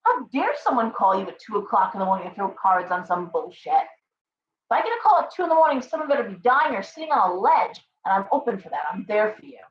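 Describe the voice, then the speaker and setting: A woman's voice: mid-range voice, sing-song, quick pace, slight background noise. A middle-aged woman hosting a live tarot stream, blunt, profane and scolding as she rants and reads cards. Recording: echoey, dull live-stream audio.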